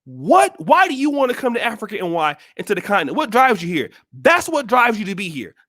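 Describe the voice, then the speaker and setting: A man's voice: sits high, wildly swooping pitch, a little fast. A man hosting his own channel, giving a blunt, scolding motivational monologue full of repeated rhetorical questions. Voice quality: forceful, preachy. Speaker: channel host.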